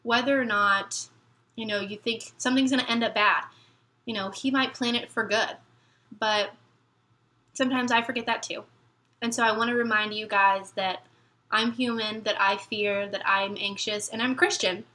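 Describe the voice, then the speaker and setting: Bright-voiced woman, halting and tearful. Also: medium pitch, steady tone. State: near tears. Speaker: military spouse vlogger. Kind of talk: emotional personal vlog talk.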